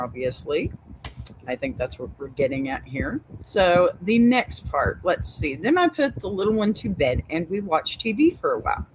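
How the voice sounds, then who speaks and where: A woman's voice: mid-range voice, slight background noise, poor audio. A Texan woman hosting an advice show, reading out a reader's story and then giving a blunt, sassy verdict. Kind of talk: reading and reacting to advice stories. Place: home with a dog.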